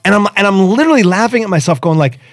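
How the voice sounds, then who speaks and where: A man in his forties hosting a podcast, telling a personal story in a lively, casual way, acting out quotes and repeating himself. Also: high-pitched, racing, no echo, studio quality, soft background music. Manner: animated, acts out quotes, repeats words. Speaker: podcast host.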